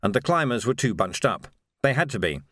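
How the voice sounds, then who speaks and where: A man narrating a novel in an expressive storytelling manner. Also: medium pitch, brisk, no room sound. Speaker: audiobook narrator. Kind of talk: scripted narration.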